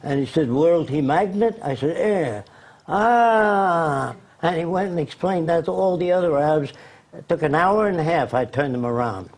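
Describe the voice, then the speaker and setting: An older man with a husky, slightly hoarse voice sits for a conversational interview. He tells long anecdotes at an easy pace, and his pitch sits a little high for a man. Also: a little fast, a little mellow, low-quality recording. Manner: storytelling, anecdotal. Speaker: interview guest.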